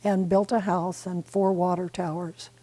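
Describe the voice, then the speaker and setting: A woman in her eighties talks as a guest in a local TV studio. Her voice is mellow and dark. She chats warmly and rambles, with small restarts and fillers. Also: lowish voice, level tone, measured pace, poor audio. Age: 80s. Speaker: community volunteer guest. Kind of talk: casual interview chat.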